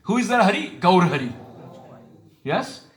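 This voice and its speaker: A man giving a devotional sermon who questions his listeners and chants verses slowly. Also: high-pitched, sing-song, roomy sound, crowd noise. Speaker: spiritual teacher. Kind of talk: devotional sermon with call and response.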